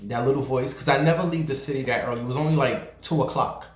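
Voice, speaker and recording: A man telling a story in a casual vlog, in a sassy, blunt, animated way. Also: medium pitch, quick pace, reverberant.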